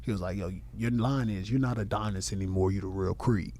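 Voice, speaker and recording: A man's voice: lowish voice, a little fast. Man telling a profane story. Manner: animated, profane anecdote telling with quoted voices. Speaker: comedian guest. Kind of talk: casual storytelling. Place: podcast studio.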